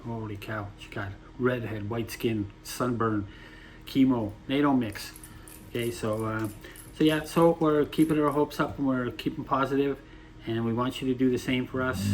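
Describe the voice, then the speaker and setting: A man vlogging casually from a campground, rambling with lots of pauses and restarts. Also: mid-range voice, a little hiss or hum. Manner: rambling, frequent uhs and restarts. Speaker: camping vlogger. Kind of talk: casual vlog talk. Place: campground, outdoors.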